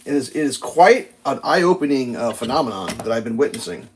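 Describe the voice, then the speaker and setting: A man's voice: medium pitch, a little fast, a little hiss or hum, low-quality recording. A man cooking pancakes at a griddle in his kitchen, telling stories in a loose, rambling and profane way. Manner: animated, profane storytelling. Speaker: vlogger cooking breakfast. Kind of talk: casual rambling chat.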